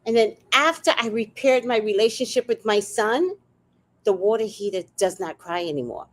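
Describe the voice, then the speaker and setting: A woman hosting a livestream chats casually, telling stories in a loose, animated way. Her voice is on the high side and moves at a moderate pace.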